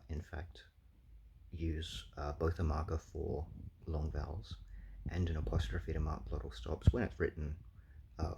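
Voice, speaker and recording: A man's voice: a bass voice, vocal fry, dark tone, dull audio, slight background noise. A man thinking aloud through a language guessing game, explaining sounds with many ums and uhs. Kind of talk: casual explanatory commentary.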